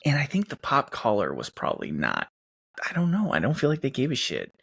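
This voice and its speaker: A man's voice: mid-range voice, fairly quick, gravelly, husky. A man co-hosting a podcast, bantering and joking with silly asides. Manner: animated, jokey, puts on silly voices. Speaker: podcast co-host.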